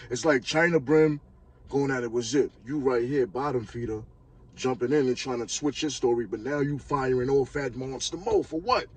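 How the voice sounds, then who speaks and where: This Harlem, New York podcast host speaks at medium pitch with a darkish, husky tone, and the audio quality is poor. He goes on a blunt, mocking rant in heated street talk.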